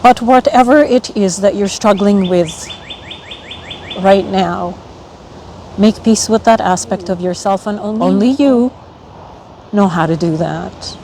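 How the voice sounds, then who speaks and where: Slow-talking woman, emotional outdoor vlog. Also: mid-range voice, a little mellow, a little hiss or hum, rough recording. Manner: emotional, repetitive, self-affirming. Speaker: spiritual vlogger. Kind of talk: personal reflective monologue. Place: outdoors in nature.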